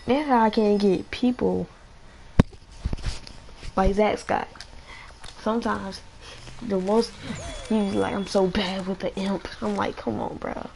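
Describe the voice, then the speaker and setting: A man giving live gameplay commentary, excitable, trash-talking in slang and repeating phrases. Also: high-pitched, slow pace, gravelly, pauses often, noisy background. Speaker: gamer.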